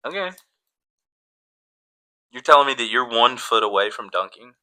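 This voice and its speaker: Young male podcast co-host: bright, animated, playful banter. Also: mid-range voice, moderate pace. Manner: playful, posing silly hypotheticals and laughing. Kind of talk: casual chat.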